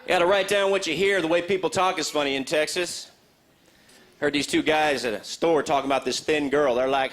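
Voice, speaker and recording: High-voiced man doing stand-up. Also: a little fast. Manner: animated, jumps into high-pitched character voices. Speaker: stand-up comedian. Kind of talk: stand-up comedy set. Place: comedy club stage with a laughing audience. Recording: live club recording with crowd and noise.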